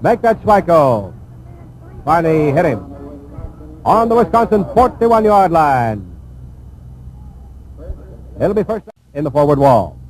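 A man giving live radio play-by-play of a football game, calling each play in a brisk, steady flow. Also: sits high, rough recording. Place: press box at a stadium.

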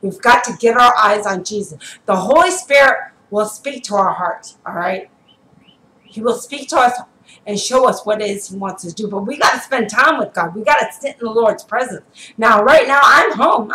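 Preaching woman, fervent and insistent, bright tone, roomy echo. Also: mid-range voice, normal speed. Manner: fervent, preachy, repeats "I'm gonna tell you right now". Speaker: prophetess. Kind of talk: home sermon. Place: at home.

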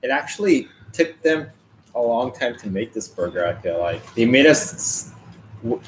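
A man's voice: medium pitch, expressive, moderate pace, a little hiss or hum. A man co-hosting a live eating stream, joking playfully and cutting in on his partner indoors. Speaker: mukbang live-stream co-host. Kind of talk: casual live-stream chat while eating. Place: indoors, lights dimmed behind. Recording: roomy echoey room.

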